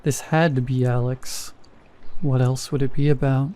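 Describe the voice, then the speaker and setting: A man's voice: mid-range voice, fairly even intonation, normal speed, mellow, clear, resonant tone, natural voice. A man voicing a scared young wife in a spoken horror story, with a shaky, tense delivery. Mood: uneasy.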